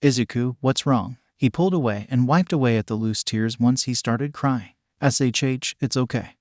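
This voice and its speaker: A man reading a fan fiction story aloud in a steady, even narration, voicing the dialogue with little change. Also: medium pitch, moderate pace, no echo, clean studio sound. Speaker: fanfic reader. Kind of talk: scripted narration.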